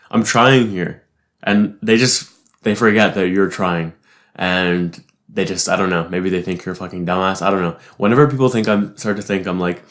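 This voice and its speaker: A young man talking casually in a reflective monologue, rambling, swearing often and laughing easily. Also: deep voice. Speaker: vlogger.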